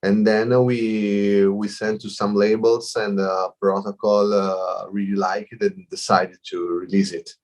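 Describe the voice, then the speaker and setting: Italian man, halting accented English. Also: fairly low pitch, level tone, a little mellow. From Italy. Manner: halting, repeats words while searching for English. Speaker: DJ and producer guest. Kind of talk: casual interview. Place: video call. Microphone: computer mic over a video call.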